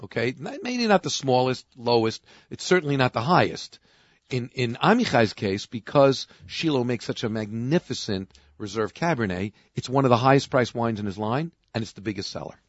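A man's voice: medium pitch, animated, moderate pace, dry recording, muffled recording. A man hosting a casual wine talk show, explaining wines in a talkative way and often repeating his words. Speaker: host, wine expert. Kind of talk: casual chat.

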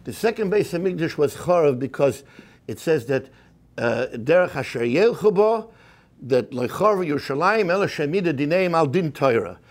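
A man giving a storytelling sermon as a rabbi, animated and mixing in Hebrew and Yiddish terms. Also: fairly high pitch, normal speed. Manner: animated, acts out the people in his stories.

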